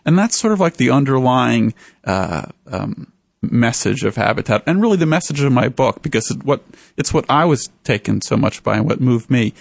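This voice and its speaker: A man, an author, telling stories in an interview in an animated way. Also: moderate pace, gravelly, no echo. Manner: animated, voices the people in his stories with raised pitch. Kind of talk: storytelling in a radio interview.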